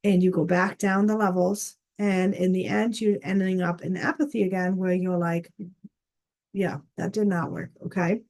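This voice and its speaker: A woman's voice: lowish voice, steady tone, normal speed, hardly any pauses, a little mellow. A woman life coach teaching in an earnest, casual way, often checking in with "okay?" and "right?". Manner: earnest, repeats words, frequent "okay?" and "right?".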